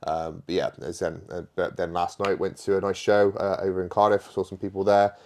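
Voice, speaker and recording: Male podcast host, very low voice, easygoing banter, frequent laughter. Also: level tone, brisk, darkish tone. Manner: laughs often, swears casually. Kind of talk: casual podcast chat.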